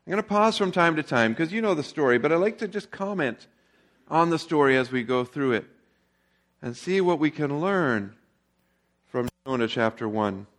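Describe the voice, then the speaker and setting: A male pastor preaches to his congregation in an easygoing, conversational manner, his voice sitting fairly high for a man. He tells stories and reads scripture with casual asides. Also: animated, normal speed, fairly bright tone. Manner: conversational storytelling. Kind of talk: sermon.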